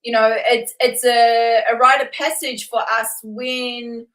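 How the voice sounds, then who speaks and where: A woman's voice: fairly high pitch, level tone, slow, a bit bright, distant mic, low-quality recording. A woman with a New Zealand accent in casual chat, talking in a chatty way and laughing easily. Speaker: podcast host.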